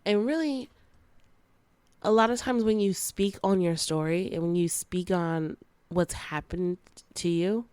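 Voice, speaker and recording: A woman's voice: lowish voice, a little slow, smooth, no echo. A young woman hosting a podcast, talking casually and frankly, with slang and frequent laughs. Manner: animated, plays out quoted friends in sassy voices. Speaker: podcast host.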